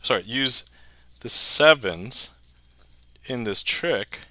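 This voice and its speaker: A man's voice: mid-range voice, animated, slow, bright, forceful tone, dry recording. A young man hosting a casual livestream, chatting with viewers, laughing often and replying to chat. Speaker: magic livestreamer.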